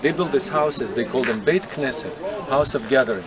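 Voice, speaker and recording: A man gives a guided tour outdoors, explaining in a conversational way and often checking in with his listeners. His voice is mid-pitched, and the chatter of a crowd carries clearly behind him. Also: animated, normal speed. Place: outdoors at a historic site. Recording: outdoor recording with crowd noise.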